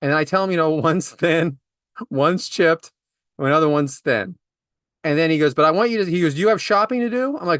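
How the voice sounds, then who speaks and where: A man's voice: on the high side, expressive, a little fast, fairly bright tone, dry recording, clean studio sound. A man in his forties, a podcast co-host, telling comedic anecdotes about everyday annoyances in an exasperated, ranting way. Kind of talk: casual comedic storytelling.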